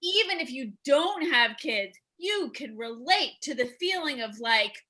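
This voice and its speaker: Bright, chatty woman host. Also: sits high, animated, measured pace, low-quality recording. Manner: chatty, laughing along, repeats herself. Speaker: show host. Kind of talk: casual hosting on a video call. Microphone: video call.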